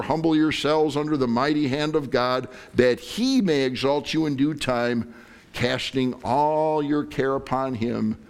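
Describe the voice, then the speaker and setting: A middle-aged male pastor delivering an impassioned sermon. His voice sits at an ordinary middle pitch, and he swings between quiet, tender asides and loud, rising declarations as he acts out prayers and God's replies. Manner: impassioned preaching, acting out prayers and God's words.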